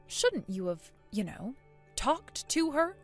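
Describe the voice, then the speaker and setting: A weary middle-aged mother answers calmly and patiently, as a woman puts her on. Her voice sits fairly high but stays level. Faint music plays underneath. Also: slow, exaggerated voice. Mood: reasoning.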